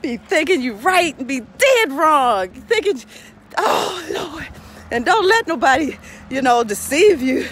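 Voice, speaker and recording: A woman's voice: high-pitched, very animated, unhurried, a bit bright, slight background noise. A middle-aged woman pastor praying and chatting casually on a live stream outdoors by a street, laughing often between phrases.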